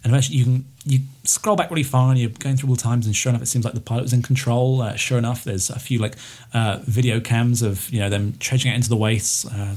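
A man's voice: medium pitch, darkish tone, husky. A man running a tabletop game as game master, narrating loosely with lots of fillers.

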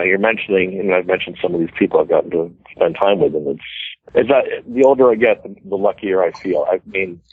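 Low husky man on a tinny line. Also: dry recording. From United States. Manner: chatty, self-deprecating, laughs easily. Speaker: guest musician. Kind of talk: casual storytelling interview. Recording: tinny phone-line radio sound.

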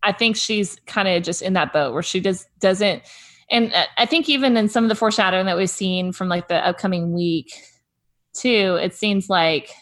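Woman co-host, casual chatty recap, filler-heavy delivery. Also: normal speed. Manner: chatty, uses many fillers, drops low and soft at times. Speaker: podcast co-host.

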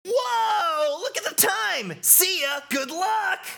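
A player doing a loud surfer-bro pin slammer. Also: very high voice, animated, takes it slowly, gravelly, faint music behind, voice pushed up, exaggerated voice. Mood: hyped. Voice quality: loud and sing-song. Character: hyped-up young male tin pin player, laid-back surfer-bro talk.

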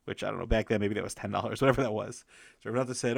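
A man reviewing a book by telling stories in a casual, halting way, with many restarts and fillers, lingering reverently on sayings. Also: lowish voice, fairly even intonation, gravelly, no room sound, clean studio sound.

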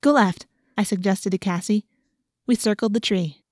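A woman narrating a first-person story in a clear, lively storytelling voice, with a mid-range pitch. The recording is close and dry, with no room echo. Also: normal speed. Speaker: audiobook narrator.

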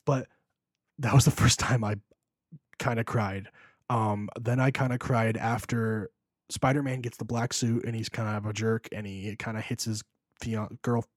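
Husky young man retelling a movie. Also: on the low side, fairly even intonation, a little slow, no echo, studio quality. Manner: rambling, emotional retelling with many fillers. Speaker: podcast co-host. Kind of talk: casual chat.

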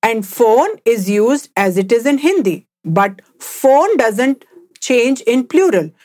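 A woman giving a scripted language lesson, explaining words clearly and in a measured way. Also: a little high, big pitch swings, darkish tone. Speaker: language teacher.

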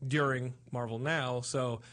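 A man hosting a podcast, talking in a rambling, excitable way in casual chat. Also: mid-range voice, measured pace. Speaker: podcast host.

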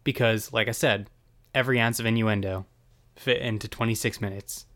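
A man's voice: fairly low pitch, steady tone, moderate pace, a bit bright, no echo. A man hosting a podcast who recaps a TV episode in a rambling, wry way, full of crude asides.

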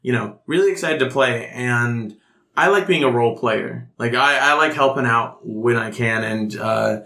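Bright-voiced young man telling a rambling story. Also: medium pitch, normal speed, gravelly. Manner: rambling and self-mocking, with many fillers. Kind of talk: casual storytelling chat. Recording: roomy echoey room.

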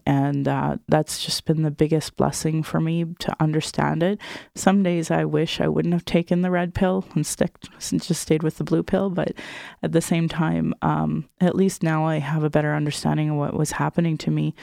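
Earnest woman with a gravelly voice. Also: low voice, dark tone, no echo, studio quality. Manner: earnest and direct. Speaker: activist guest. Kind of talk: interview.

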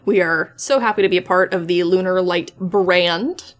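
A woman's voice: fairly low pitch, normal speed. A woman co-hosting a podcast in casual chat, enthusiastic and giggly, reading out show credits. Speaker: podcast co-host.

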